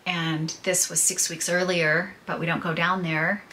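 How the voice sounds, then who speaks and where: A woman's voice: fairly low pitch, little pitch movement, a little slow, sharp tone, a little hiss or hum. A middle-aged woman vlogging to her viewers, telling her personal troubles in a candid, chatty way and laughing through them. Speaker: podcaster and vlogger. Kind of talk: casual personal storytelling to viewers.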